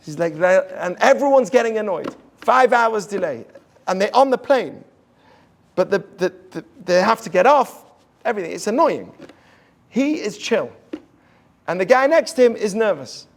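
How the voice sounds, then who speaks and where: High-voiced man telling a faith story. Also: lively intonation, normal speed. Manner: earnest storytelling, drops to a hush for quoted lines. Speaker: rabbi. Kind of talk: inspirational talk to an audience.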